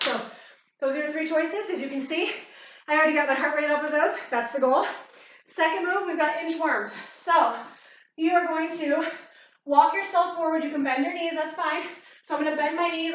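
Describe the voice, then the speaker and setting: A woman's voice: high-pitched, normal speed, fairly bright tone, very echoey, recorded from a distance, low-quality recording. A woman fitness instructor leading a workout, cueing moves while exercising and getting out of breath.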